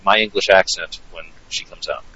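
Over a noisy crowd, a low-pitched man hosts a radio show at normal speed in a steady tone, keeping it casual, chatty, and jokey. The trading educator frequently restarts sentences and laughs. The audio is muffled.

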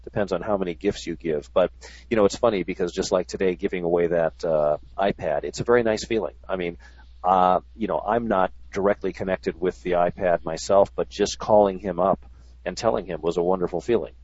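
A man's voice: deep voice, fairly quick, a little mellow, slightly rough, no echo. A man on a radio talk show, a trader who talks in an earnest, rambling way. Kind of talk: casual radio chat. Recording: dry, dull lo-fi sound.

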